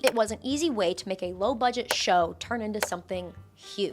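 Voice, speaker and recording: A woman's voice: mid-range voice, a bit bright. A young woman giving a casual, scripted commentary as a YouTuber, sarcastic, with swearing and laughs between lines.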